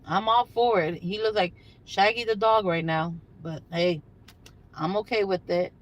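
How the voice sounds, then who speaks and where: A woman's voice: mid-range voice, unhurried, low-quality recording. An older woman hosting a casual livestream from her car, talking to viewers by phone in a rambling, chatty way with lots of fillers. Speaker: livestream host. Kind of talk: casual live chat with viewers. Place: in a parked car.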